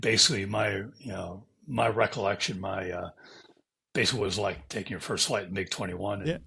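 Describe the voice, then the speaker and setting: A man's voice: on the low side, fairly quick, creaky, bright, forceful tone, slightly rough. An older American man, a former fighter pilot, telling stories in an interview, acting out radio calls and hissing brake sounds and swearing casually. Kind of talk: animated storytelling interview.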